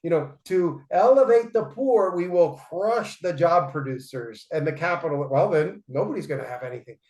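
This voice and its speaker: A podcast guest in his forties tells stories in a casual interview, speaking emphatically and frequently asking "right?" His fairly high, slightly mellow voice has lively intonation and a normal pace, heard in a roomy, echoey space.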